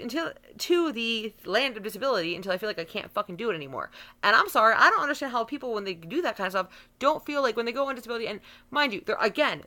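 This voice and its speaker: A woman in her thirties ranting bluntly and profanely straight to camera. Her voice is bright and lively, swinging widely in pitch, and her words come out fast and heated. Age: 30s. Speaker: vlogger.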